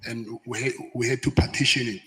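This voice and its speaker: A man giving plain, measured answers as a witness at a formal hearing. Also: mid-range voice, little pitch movement, a bit bright. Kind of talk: formal testimony. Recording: hall reverb, played inside a reaction stream.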